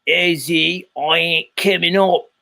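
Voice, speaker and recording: A man's voice: a little high, fairly even intonation, slow pace, gravelly, sharp tone, heavily acted. A man mimicking a sulky male chat viewer who refuses to speak, in a drawling, attempted Australian accent. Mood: mocking.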